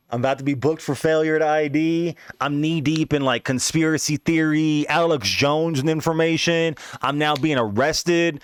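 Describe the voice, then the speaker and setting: A man's voice: a little high, no echo, clean studio sound. A man telling a long personal story in casual, slangy speech, swearing freely and often asking "you know what I mean.". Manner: rambling, profane, slangy; leans on filler tags. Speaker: podcast host.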